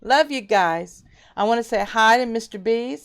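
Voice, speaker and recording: A woman's voice: fairly high pitch, unhurried, clean tone. A woman hosting a casual live stream from her home fish room, greeting viewers by name and reading their comments aloud into a webcam.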